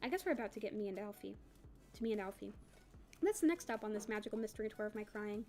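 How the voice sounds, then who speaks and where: Fast, expressive woman reading a novel. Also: mid-range voice, soft background music. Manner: expressive first-person reading. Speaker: book club reader.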